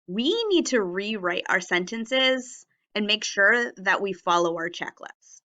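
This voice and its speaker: Slow, bright-voiced woman teaching children. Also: mid-range voice, sing-song. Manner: slow, clearly enunciated, modelling words for young children. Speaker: elementary teacher. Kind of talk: phonics and writing lesson video.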